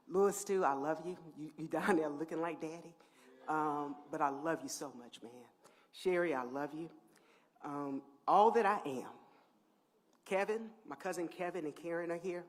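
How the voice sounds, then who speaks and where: Middle-aged woman at a podium mic, heartfelt thank-yous, goes from hushed to big and loud. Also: low-pitched, normal speed. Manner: heartfelt thank-you speech, swinging from near-whispers to loud emphatic peaks. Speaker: head of a housing agency. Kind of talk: public speech at a press event.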